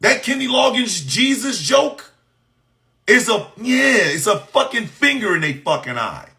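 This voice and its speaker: A man delivering an impassioned, profane monologue, shouting in bursts and firing off mocking rhetorical questions. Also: sits high, very animated, measured pace.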